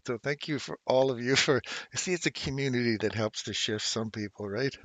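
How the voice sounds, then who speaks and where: This Englishman in his fifties chats with viewers by name and laughs a lot as he reads charts on his relaxed trading livestream. He speaks at normal speed in a mid-range, fairly bright voice. The recording, from a desk mic pulled close, has no room sound.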